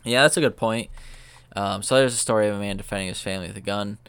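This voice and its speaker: A man's voice: on the low side, fast, a bit bright, smooth, no room sound. Casual, profane young man podcasting. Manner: loose, profane, filler-heavy talk. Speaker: podcast host. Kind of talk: casual rambling storytelling.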